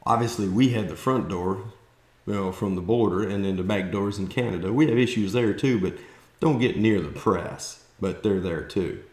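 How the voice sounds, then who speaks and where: A man's voice: on the low side, moderate pace, darkish tone, reverberant. Blunt South Texas man ranting. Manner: blunt, folksy, fired-up ranting with mocking quoted voices. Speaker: political commentator vlogger. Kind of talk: opinionated monologue.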